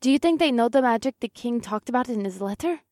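A woman's voice: a little high, expressive, quick pace, a little mellow, no echo, clean studio sound. A woman voicing the young female companions in a fantasy audiobook, in a conversational, curious manner. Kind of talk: audiobook character dialogue.

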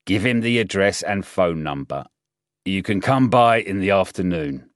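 A man voicing a rude, chain-smoking middle-aged police captain who talks loudly and bluntly in an audiobook reading. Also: low-pitched, expressive, a little slow, no echo, studio quality. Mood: commanding. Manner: loud, gruff and blunt.

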